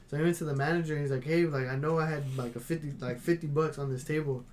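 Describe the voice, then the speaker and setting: A young man co-hosting a podcast, telling profane, animated restaurant stories and acting out what people said. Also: a little high, fast, few pauses, slight background noise. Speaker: podcast co-host. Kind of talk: casual chat, storytelling.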